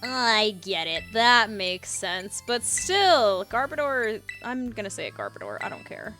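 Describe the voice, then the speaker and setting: A woman's voice: on the high side, animated, measured pace, bright, forceful tone, faint music behind. A young woman in her twenties, chatting casually and sarcastically with her live-stream viewers while she plays, often giggling. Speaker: game streamer reading chat. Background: house beats playing under the voice.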